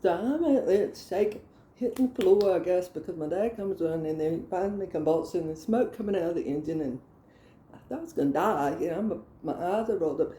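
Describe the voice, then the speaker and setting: A woman's voice: fairly low pitch, fairly quick, dark tone, slight background noise. A woman telling rambling comic childhood stories, breaking into exasperated rants. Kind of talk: casual comedic storytelling. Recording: echoey room.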